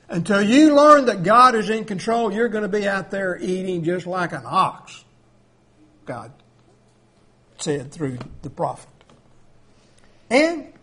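A man's voice: sits high, fairly bright tone. A man preaching a conversational sermon, emphatic, with frequent filler words.

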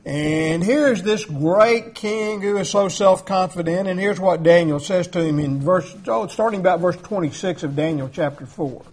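Man, preacher, high voice, conversational sermon, emphatic, fillers. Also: moderate pace, few pauses, a little mellow.

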